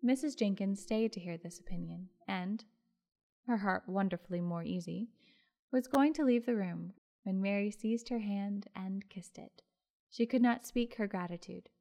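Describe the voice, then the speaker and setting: A woman narrating a classic story for an audiobook. Her reading is lively, with little asides to the listener. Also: mid-range voice, moderate pace, creaky.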